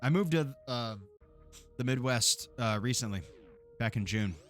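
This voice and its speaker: A man's voice: medium pitch, animated, a little slow, soft background music. A man from Texas chatting casually and cursing while streaming a game, laughing often. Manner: laid-back, profane, laughs often, jokey asides. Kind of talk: casual live gameplay chat.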